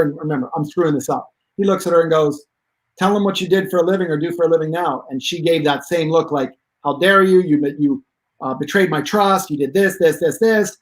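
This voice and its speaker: A man's voice: on the high side, rough recording. A man speaking as a guest expert on pain relief, telling stories emphatically with rambling asides. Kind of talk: animated storytelling.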